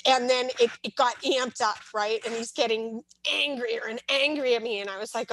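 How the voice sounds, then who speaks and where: A woman's voice: a little high, moderate pace, fairly bright tone, dry recording, rough recording. A woman telling a long personal story as a parent, in casual talk with many restarts and asides. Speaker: parent sharing her experience.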